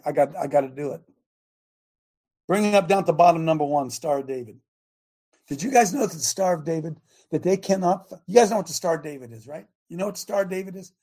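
A man's voice: a little high, gravelly, mellow, breathy edge. A man hosting a religious broadcast, preaching and reading scripture aloud, emphatic and full of repeated rhetorical questions, often stopping to restart or make asides. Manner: halting, with frequent restarts and asides.

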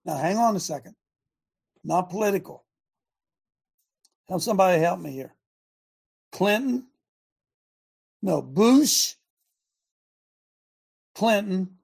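Gravelly, fervent talk radio host man. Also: high voice, lively intonation, slow pace, long pauses, darkish tone. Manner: fervent, preachy, rhetorical questions.

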